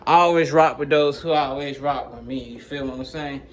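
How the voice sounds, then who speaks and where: A gaming YouTuber with a mid-range, flat-sounding voice talks briskly in a casual vlog recorded on his phone. He rambles in slang, laughs often, and hops from one topic to the next.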